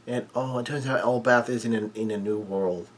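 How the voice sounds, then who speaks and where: Speaking on the low side with fairly even intonation, a man offers a casual manga chapter recap. He stops and restarts often, leans on fillers, and is blunt enough to curse at surprises.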